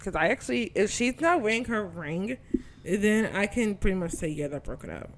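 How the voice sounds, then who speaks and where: Animated young woman in casual chat. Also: medium pitch, moderate pace, slight background noise. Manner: animated, swearing, laughs often. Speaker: podcast co-host.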